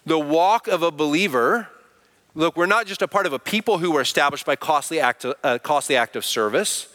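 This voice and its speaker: A man's voice: fairly high pitch, expressive, brisk, fairly bright tone. Man preaching in a reverberant hall. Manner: earnest, conversational preaching with direct questions to the congregation; says he sounds angry but is not. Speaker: pastor. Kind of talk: sermon.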